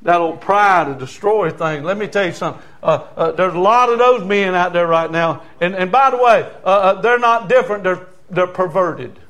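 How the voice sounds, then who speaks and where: A man's voice: high-pitched, moderate pace, few pauses, fairly bright tone. A middle-aged man preaching a fervent sermon and calling the congregation for amens. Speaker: pastor.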